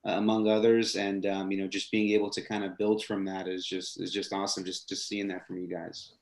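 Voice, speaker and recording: A man's voice: deep voice, little pitch movement, fairly quick. A male interview host who rambles, hesitating with many "you know" and "um" fillers. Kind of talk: interview hosting. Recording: roomy echo.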